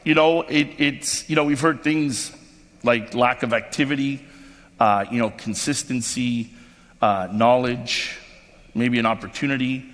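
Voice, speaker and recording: This man's fairly bright, mid-range voice holds steady and moves a little slowly as he delivers an effusive, emotional keynote at a company convention, often restarting and saying um. The recording carries the long reverb of a big hall's stage.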